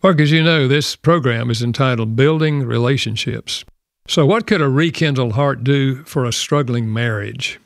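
A man hosting a Christian radio program, asking his guest questions in a calm, measured way and giving brief affirmations while he listens. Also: medium pitch, vocal fry, no echo, studio quality. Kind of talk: interview.

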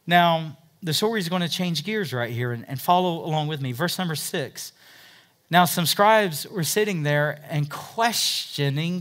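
A man's voice: on the high side, sharp tone. A man preaching a sermon, explaining scripture verse by verse and acting out quotes with emphasis. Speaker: pastor.

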